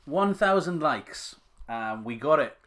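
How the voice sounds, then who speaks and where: A man's voice: a little high, expressive, takes it slowly, fairly bright tone. Upbeat teasing man host. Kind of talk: casual live-stream chat.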